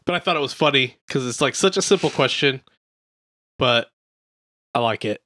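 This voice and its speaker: A man co-hosting a casual comedy podcast, reading comedians' jokes aloud in a deadpan way between crude banter. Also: medium pitch, normal speed. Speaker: podcast co-host.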